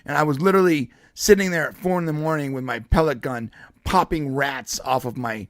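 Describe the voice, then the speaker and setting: A man's voice: a little high, fairly quick, dry recording, clean studio sound. A man co-hosting a podcast, telling a long rambling neighborhood story in casual chat, with frequent restarts and laughs. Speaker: podcast co-host.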